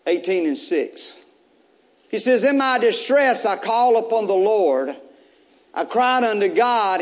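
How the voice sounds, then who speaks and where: A pastor preaching an Easter sermon. He repeats phrases to urge the congregation on and breaks in with casual, joking asides. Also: very high-pitched. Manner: repetitive, exhorting preaching with bursts of raised intensity.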